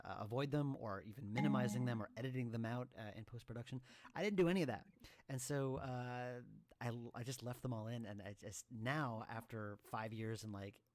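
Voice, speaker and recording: A man's voice: fairly low pitch, darkish tone, dry recording. A man giving casual, chatty commentary as a voice-over engineer.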